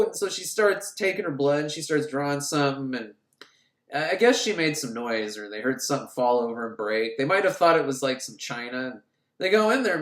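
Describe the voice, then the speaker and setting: A man's voice: a little high, animated, normal speed, fairly bright tone. Sarcastic, rambling man recapping a film. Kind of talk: comedic movie recap. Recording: roomy echo.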